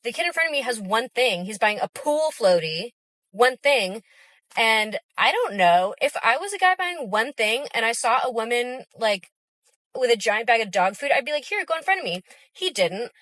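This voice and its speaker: A woman's voice: fairly high pitch, animated, moderate pace, a bit bright, no echo. A woman ranting casually to camera, chatty and filled with "like" fillers. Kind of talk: casual video rant to camera.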